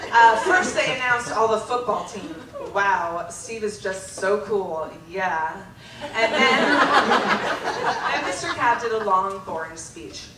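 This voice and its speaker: High-voiced woman reading on stage. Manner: animated, emphatic, breaking into laughter. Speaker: storyteller reading her teenage diary. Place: stage in front of a live audience. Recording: roomy live venue, distant mic, loud audience laughter. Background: loud crowd laughter and noise.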